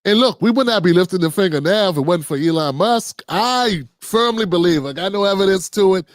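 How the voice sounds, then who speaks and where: A man's voice: high-pitched, expressive, fairly quick, no room sound, studio quality. A man hosting a livestream of political commentary, reading out notes and reacting with heated sarcasm. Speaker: livestream host.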